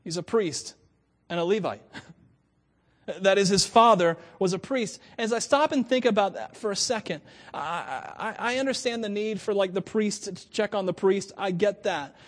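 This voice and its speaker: Casting: male pastor with a high, bright voice, chatty sermon delivery, quick to laugh and play out quotes. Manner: lively, conversational, laughs often, acts out quotes.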